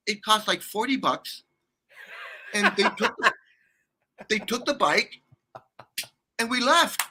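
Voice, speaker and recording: Man, casual storytelling, rambling, laughs a lot, high pitch. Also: expressive, slow, long pauses, pushed and bright, a little hiss or hum. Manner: rambling, laughs often, many restarts.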